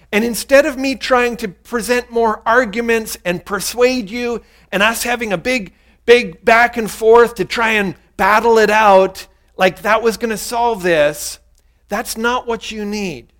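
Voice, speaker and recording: With a measured pace and a slightly bright tone, a man preaches earnestly, his voice sitting high for a male, and leads those listening through a brief prayer to say along with him.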